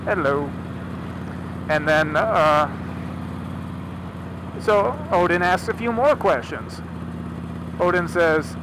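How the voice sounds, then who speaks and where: A man's voice: on the high side, animated, takes it slowly, pauses often. Chatty man retelling myths while driving. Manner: rambling, chatty, with asides. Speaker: storyteller. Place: in a car. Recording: car engine noise behind.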